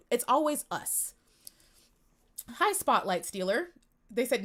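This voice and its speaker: A woman's voice: high-pitched, very animated, moderate pace, fairly bright tone. A young woman live-streaming an upset rant about pageant fans, near tears, with her voice rising and falling as she repeats herself.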